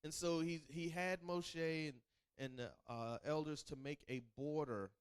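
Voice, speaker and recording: A man's voice: a little high, measured pace, clean tone. A man teaching a bible lesson as a sermon, asking the listeners questions and acting out the people he quotes. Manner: animated, call-and-response questions, acts out quotes.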